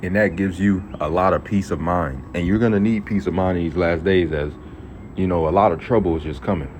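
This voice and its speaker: A man's voice: sits low, a little fast, a little mellow. A man giving a casual Bible teaching. He reads scripture aloud, then explains it in loose everyday speech full of "all right" and "okay.". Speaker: preacher. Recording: dull lo-fi audio with faint traffic noise.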